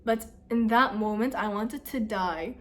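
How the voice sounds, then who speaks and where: A young woman vlogger telling a story to the camera in a casual, animated, exasperated way. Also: a little high, measured pace.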